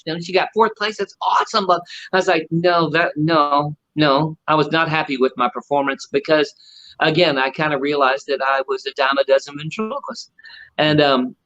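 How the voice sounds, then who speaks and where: A man, a ventriloquist, telling stories in a casual interview and acting out the people he quotes. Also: on the high side. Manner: animated storyteller acting out quotes. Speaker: ventriloquist guest. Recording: dull lo-fi audio.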